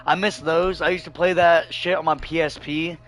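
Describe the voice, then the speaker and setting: A man streaming a video game, chatting casually and telling rambling stories, his voice going hoarse. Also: fairly high pitch, fairly even intonation, normal speed, fairly bright tone. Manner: loose rambling storytelling, laughs often, swears freely. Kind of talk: casual livestream chat while gaming.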